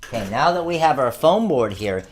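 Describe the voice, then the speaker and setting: A man's voice: mid-range voice, very animated, moderate pace, a little hiss or hum. A man in his thirties hosting a casual how-to tutorial, chatting through each step as he works. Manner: chatty, explains each step while working. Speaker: host of a craft supply tutorial channel.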